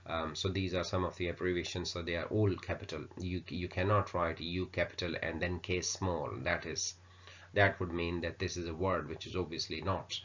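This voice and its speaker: A man teaching an English grammar lesson, explaining slowly with many ums and uhs. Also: low-pitched, level tone, a bit bright. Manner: unhurried explaining with many fillers. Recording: dull lo-fi recording.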